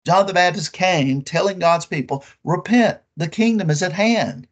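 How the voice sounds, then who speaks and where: A man preaching a sermon with emphatic, drawn-out phrases and rhetorical questions to his listeners. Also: sits high.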